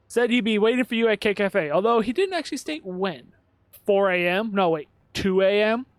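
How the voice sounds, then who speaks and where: Sarcastic male let's-player, lively pitch. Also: no room sound. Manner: sarcastic, mutters at the game. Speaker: gaming video host. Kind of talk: let's-play commentary.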